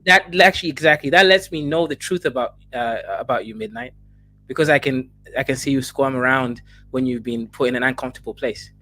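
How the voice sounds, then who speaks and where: A man's voice: medium pitch, brisk, bright, forceful tone. A man on a live-stream panel who needles others on purpose and stammers as he starts his points. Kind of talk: provocative live-stream debate.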